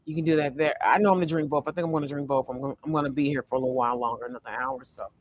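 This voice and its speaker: A man giving a casual, rambling tarot reading from a fast-food restaurant, full of fillers and restarts. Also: mid-range voice, steady tone, a little hiss or hum. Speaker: tarot reader. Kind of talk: casual spiritual card reading vlog.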